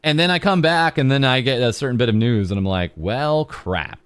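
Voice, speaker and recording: Rambling man on a livestream, lively pitch. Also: fast, clean tone, dry recording. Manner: rambling, self-mocking, with lots of ums and uhs. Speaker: VTuber streamer. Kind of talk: casual charity livestream chat.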